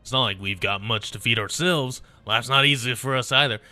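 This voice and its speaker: A man voicing a gruff, defensive male farmer from a game story who curses and grumbles. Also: mid-range voice, brisk, sharp tone, soft background music. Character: defensive male farmer villager, rough-talking.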